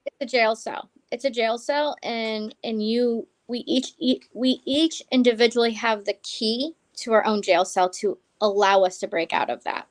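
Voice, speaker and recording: A woman guest on a live stream, talking earnestly and a little haltingly about her beliefs. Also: fairly high pitch, fairly even intonation, no room sound. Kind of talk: casual live-stream chat.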